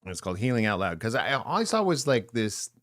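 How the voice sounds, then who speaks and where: A man's voice: fairly low pitch, big pitch swings, a little fast, a bit bright, dry recording, clean studio sound. A middle-aged man co-hosting a casual podcast, chatting in a rambling, joking way and often trailing off mid-thought. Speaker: podcast co-host. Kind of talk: casual chat.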